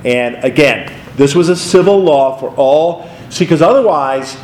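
Male pastor, conversational Bible teacher, animated storyteller, echoey room. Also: a little high, a little slow, slight background noise.

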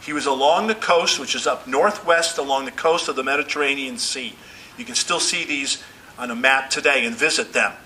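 Man, pastor, sermon, very bright tone, emphatic, faint background noise. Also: medium pitch, normal speed, low-quality recording. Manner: earnest preaching, voicing quoted pleas with rising intensity.

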